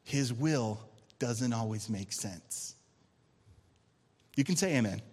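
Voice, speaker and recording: A male pastor preaching a sermon to his church, shifting between loud emphatic lines and quiet intense ones and calling out for amens. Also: medium pitch, animated, takes it slowly, slightly rough, long reverb tail. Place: church sanctuary.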